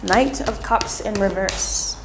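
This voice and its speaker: A woman giving a casual tarot reading, playful and animated, who swears freely and acts out little voices. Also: mid-range voice, slow. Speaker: tarot reader. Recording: echoey room with faint hiss.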